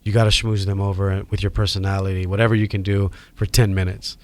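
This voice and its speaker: A middle-aged man from Hawaii with a Hawaiian accent, telling animated stories as a podcast guest. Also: low-pitched, fast. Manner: animated storyteller acting out quoted voices. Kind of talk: storytelling in a podcast interview.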